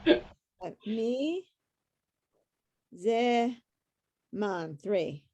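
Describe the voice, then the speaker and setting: A woman's voice: on the high side, big pitch swings, very slow, warm tone, no room sound, muffled recording. A woman student in an online class, unsure of herself and self-deprecating.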